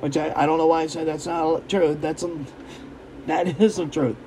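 A man's voice: fairly high pitch, steady tone, normal speed, warm tone, a little hiss or hum, low-quality recording. A young man in a blunt, repetitive, emphatic monologue, giving his opinions as a commentator. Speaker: political commentator. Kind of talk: casual ranting monologue.

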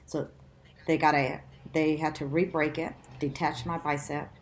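Low-voiced woman telling her story. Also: a little slow. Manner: animated, laughs often, acts out quotes in a much higher voice. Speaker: interview guest. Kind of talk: conversational storytelling.

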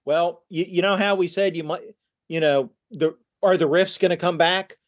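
A man appearing as a podcast guest, calmly recounting a film's plot in casual conversation with frequent restarts. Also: high-pitched. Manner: relaxed, halting retelling with restarts. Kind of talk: casual film discussion.

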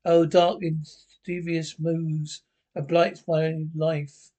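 A man's voice: a little high, flat delivery, takes it slowly, dark tone. An actor playing a put-upon middle-aged Roman emperor who complains theatrically about his lot, in 1960s British film comedy style. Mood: melodramatic. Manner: self-pitying, theatrical complaining.

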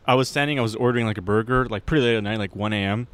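A man co-hosting a podcast in casual chat, telling crude stories in a lively way. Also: fairly low pitch, rapid-fire, smooth. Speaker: podcast co-host.

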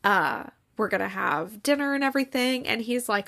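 Close to tears, a woman podcaster retells a holiday movie's story in a chatty way, performing the quotes and saying "like" a lot. Her voice is a little high, sing-song, creaky and fairly bright, moving at a moderate pace with few pauses.

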